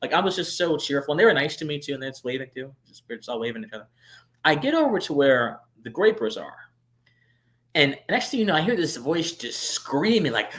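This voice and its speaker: A man hosting a live stream, telling a long personal story in a chatty way, full of fillers, restarts and sudden swings between hushed asides and loud bursts. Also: fairly high pitch, sing-song, brisk. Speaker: streamer and show host.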